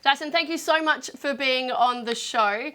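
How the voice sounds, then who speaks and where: Female co-host, high and bright, brisk upbeat links. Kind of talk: scripted segment links.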